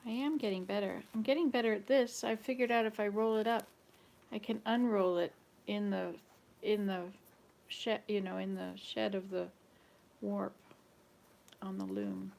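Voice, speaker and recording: A woman's voice: mid-range voice, steady tone, normal speed, creaky, long pauses, darkish tone. A woman at her rural home, chatting casually and humming old folk tunes to herself in a rambling way. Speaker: vlogger.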